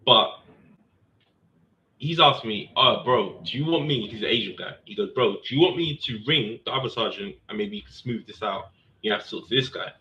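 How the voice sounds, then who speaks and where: Cop, casual anecdote, bright edgy voice, slightly muffled recording. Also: male voice. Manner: animated, acts out quotes with raised pitch. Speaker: serving police officer telling a story. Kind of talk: casual storytelling monologue. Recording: dull lo-fi sound.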